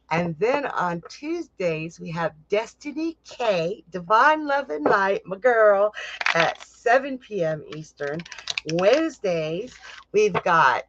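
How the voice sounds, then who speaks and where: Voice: medium pitch, dull audio, noisy background. A psychic host giving a casual live tarot reading, chatty and blunt, swearing freely.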